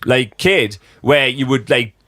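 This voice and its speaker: A man with a Geordie accent, chatting as a podcast host, sweary and animated. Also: medium pitch, takes it slowly, no room sound, studio quality. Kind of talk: casual chat.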